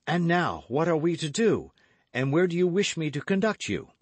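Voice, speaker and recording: A man's voice: on the high side, sing-song, moderate pace, dry recording, voice pushed up. A man voicing a bold, gallant young guardsman in an audiobook reading, speaking earnestly and eagerly.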